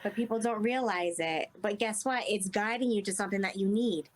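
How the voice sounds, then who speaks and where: A woman guest in a relaxed interview, speaking at a middling pitch. She talks earnestly and rambles, stringing thoughts together with frequent fillers. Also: a little fast. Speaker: guest medium. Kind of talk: casual interview chat.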